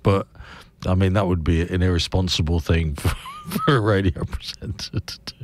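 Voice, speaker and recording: A man's voice: low-pitched, moderate pace, slight background noise. A man presenting a morning radio show, rambling casually with chuckles and self-mocking asides. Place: radio studio.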